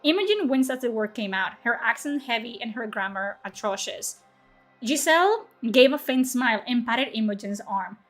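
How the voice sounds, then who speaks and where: Woman streamer, slightly high voice, reads her own fiction and cracks sweary, self-mocking asides, faint music behind. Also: animated, normal speed. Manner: swears freely, laughs at herself, chatty asides. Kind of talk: story reading with casual asides.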